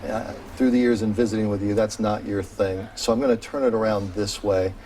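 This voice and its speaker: A man hosting a sports show, talking in an energetic, opinionated and chatty way, then interviewing a guest. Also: on the low side, fairly quick, a little hiss or hum.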